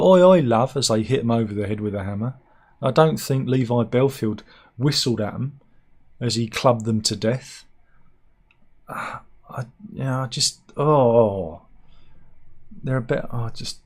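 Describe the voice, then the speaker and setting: A man with a medium-pitched, somewhat dark voice rambles through sarcastic comic takes on news stories. As a satirical news vlogger, he drops in mock-serious asides.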